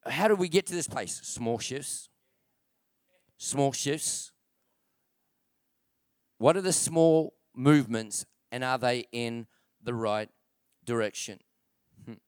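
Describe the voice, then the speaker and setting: Preaching in church, this pastor drives his points home by repeating phrases and posing rhetorical questions to the congregation. He speaks at a measured pace in a clear, resonant, medium-pitched voice. The audio is studio quality with no room sound.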